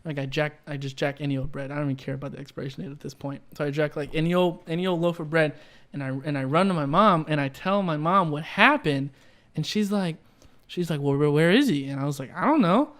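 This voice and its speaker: A young man co-hosting a podcast talks quickly in a slightly high, fairly bright voice. Telling a story in a relaxed chat, he rambles with plenty of fillers, asides, "like" and "right?", laughing along the way.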